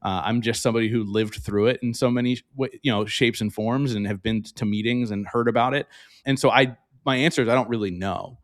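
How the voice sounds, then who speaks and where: A man's voice: medium pitch, steady tone, fairly quick. A man talking as a podcast guest, reflective and earnest, speaking openly in a candid interview.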